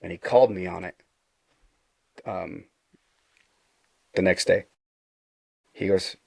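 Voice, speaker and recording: Middle-aged man, husky low voice, earnest storyteller, dry close mic. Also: fairly even intonation, a little slow, long pauses, dark tone, dry recording. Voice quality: low gravelly voice. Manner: earnest, retelling dialogue with frequent restarts. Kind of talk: casual storytelling.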